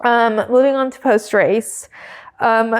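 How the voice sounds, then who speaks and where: A woman's voice: fairly high pitch, fairly even intonation, takes it slowly, clear, resonant tone. Chatty woman podcast host, lots of "like". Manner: chatty, peppered with "like", breaks into giggles. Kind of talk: casual recap chat.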